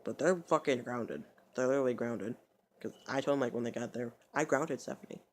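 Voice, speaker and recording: A man telling a rambling story to his vlog audience, his voice sitting at an ordinary middle pitch. He swears constantly, trips over his own words and starts his sentences over. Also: fairly quick, slight background noise. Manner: profane, rambling, stumbling restarts. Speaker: vlogger.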